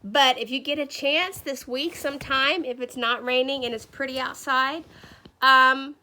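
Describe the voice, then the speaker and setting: A woman school coach reads a picture book aloud for young children in a high, bright-toned voice. She takes her time over the words, animated and playful, stopping to call on children by name. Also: a little slow. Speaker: school coach reading to a class.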